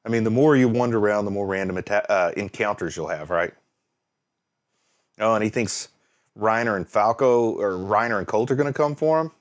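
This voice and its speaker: A man's voice: on the low side, a little fast. A man hosting an anime reaction, chatting casually, exclaiming and laughing at the screen, then musing aloud. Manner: muses aloud, thinking things through.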